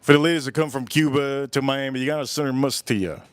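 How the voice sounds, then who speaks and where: A man's voice: mid-range voice, steady tone, quick pace, clear, resonant tone, no echo. A man hosting a cigar review livestream, chatting casually and rambling, repeating his phrases and acting out the voices of people he quotes. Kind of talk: casual rambling live-stream chat. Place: Miami.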